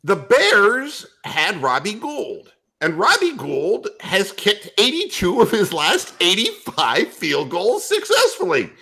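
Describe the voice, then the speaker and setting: A man with a high, lively voice rants about football in a loud, profane, comedic way. His tone is bright and cutting, and he swings up and down in pitch as he works himself up. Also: takes it slowly, hardly any pauses, husky. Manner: loud, profane, animated ranting. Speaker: podcast host. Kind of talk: ranting comedic sports talk.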